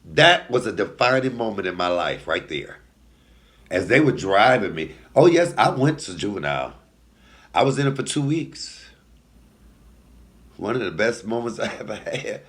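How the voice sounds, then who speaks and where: A sassy, animated storyteller, a man in his forties with a somewhat low voice. He swings between quiet, muttered asides and loud, punchy bursts, laughing at his own lines and talking straight to his viewers like a comedian. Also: normal speed, pauses often. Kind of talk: personal storytelling to camera.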